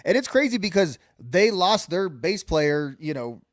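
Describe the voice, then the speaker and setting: A man chatting on a podcast, voice sitting a little high for a man. He rambles, restarts his sentences and fills gaps with "like" and "um." The recording is dry and close, with no room sound. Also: sing-song, unhurried, no echo. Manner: rambling, many restarts and fillers, hums melodies. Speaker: podcast co-host. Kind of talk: casual music discussion.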